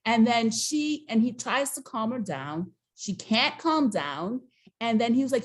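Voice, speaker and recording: A woman co-hosting a casual recap show, telling the story with lively, acted-out dialogue. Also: on the high side, unhurried. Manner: animated storyteller, acts out quoted dialogue.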